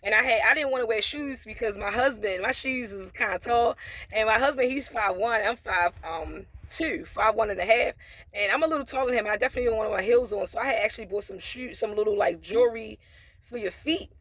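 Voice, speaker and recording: A woman's voice: fairly high pitch, brisk, fairly bright tone, dry recording. A woman vlogger telling a personal story in a casual monologue, blunt and profane, with preachy asides about faith.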